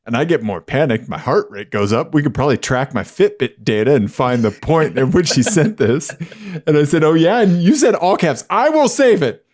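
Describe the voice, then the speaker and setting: A man co-hosting a podcast in casual chat, excitable, his voice jumping up high when surprised. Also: brisk. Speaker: podcast co-host.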